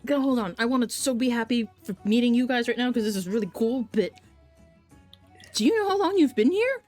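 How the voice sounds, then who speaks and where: A woman's voice: on the high side, expressive, brisk, darkish tone, soft background music. A woman playing a tabletop role-playing game, asking skeptical, probing questions. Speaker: player.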